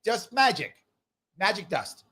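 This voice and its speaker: A man putting on a voice for an exasperated man who insists, straight-faced and loudly, that everyone gets free ponies. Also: high voice, very animated, unhurried, slightly rough, pitched above the performer's own voice, full character voice. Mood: exasperated insistence.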